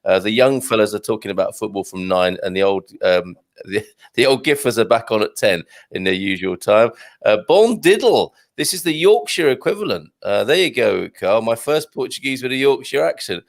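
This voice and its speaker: A man's voice: lowish voice, animated, a little fast. A middle-aged man hosting a casual live stream, joking and reading out viewer comments. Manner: jokey, reads out viewer comments. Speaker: show host.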